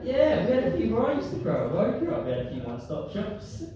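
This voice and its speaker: A man's voice: high-pitched, quick pace. A man doing stand-up, telling a story and chatting with the crowd, laughing through his lines. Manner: animated, laughing through lines, repeatedly addressing an audience member. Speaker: stand-up comedian. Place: live comedy venue. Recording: echoey live venue from far off. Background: audience laughter and room noise.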